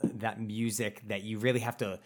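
Male podcast co-host, lowish voice, easygoing review chat. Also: flat delivery, normal speed. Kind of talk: casual film-review chat.

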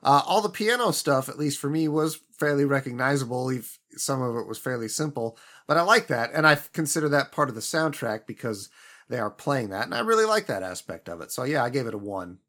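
A man's voice: mid-range voice, lively intonation, brisk, a bit bright. A man co-hosting a casual film-review podcast, upbeat as he explains his scores. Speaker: podcast co-host.

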